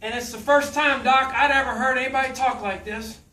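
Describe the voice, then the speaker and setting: Bright-voiced man speaking in an echoey hall. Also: very high voice, steady tone, a little fast, recorded from a distance. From South Louisiana. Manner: folksy, humorous, puts on voices when quoting. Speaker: motivational speaker. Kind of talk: motivational speech with storytelling.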